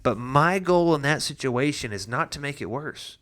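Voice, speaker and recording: A man's voice: a little high, expressive, normal speed, a bit bright. A young adult man, a pastor giving a casual devotional talk, earnest and conversational with frequent restarts and personal stories.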